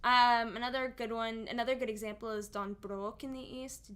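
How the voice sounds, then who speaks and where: A woman's voice: a little high, steady tone, moderate pace, fairly bright tone, clear, resonant tone. A young woman, a singer and streamer, chatting casually on stream and explaining at length with many asides.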